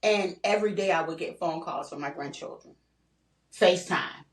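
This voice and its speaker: An older woman, a guest on a candid podcast, tells her personal story in a fairly low voice at a moderate pace. She is earnest and repeats herself, filling her talk with "you know" and "like." The mic is distant and the room sounds roomy.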